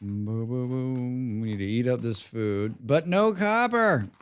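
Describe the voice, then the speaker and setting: A young man commenting live on a survival game, excitable, talking to himself, humming and swearing between moves. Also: mid-range voice, slow, clean tone. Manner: excitable, talks to himself, hums and mutters while playing; swears often. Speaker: streamer.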